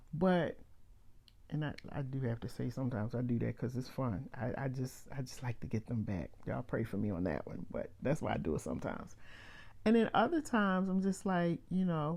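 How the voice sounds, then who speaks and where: A middle-aged woman hosting a live motivational talk, speaking emphatically with drawn-out phrases and reading viewer comments aloud. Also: sits low, warm tone. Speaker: host.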